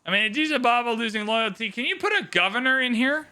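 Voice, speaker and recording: A man commentating a live game stream, excitable and theatrical, swinging from shouts to mumbled asides. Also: very high voice, fast talker, few pauses, clean tone. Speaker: livestream host commentating an AI game tournament.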